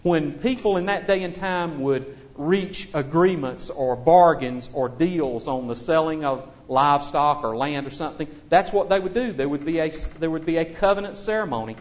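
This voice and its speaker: A man preaching a sermon in a conversational, folksy way, often repeating himself as he restarts phrases. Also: a little high. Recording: dull lo-fi recording.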